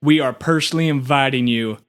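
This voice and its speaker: A man's voice: mid-range voice, fairly quick, a bit bright, natural voice. A man playing a small goofy alien co-anchor. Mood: earnest. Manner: rambling, dim, enthusiastic. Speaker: radio co-anchor. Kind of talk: comedy audio drama.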